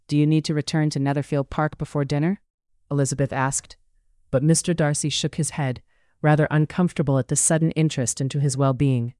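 An audiobook narrator giving a steady, even reading of a period romance story. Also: medium pitch, smooth, no room sound, clean studio sound.

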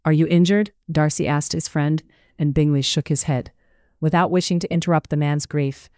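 A narrator telling a period novel in a measured, even manner. The voice is smooth and clear, and the recording is close and dry with no room echo. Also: medium pitch. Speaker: audiobook narrator.

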